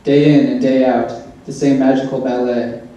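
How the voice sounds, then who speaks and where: A man's voice: medium pitch, flat delivery, normal speed, dark tone, muffled recording. A man reading a humorous personal essay aloud, with wry, dry asides. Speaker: essay reader. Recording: echoey room, mic far off.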